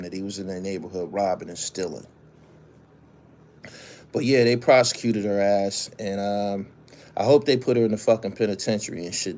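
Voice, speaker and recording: A man hosting his own show, reading news stories aloud and then giving casual, profane commentary while answering viewers' chat. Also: on the low side. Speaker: show host.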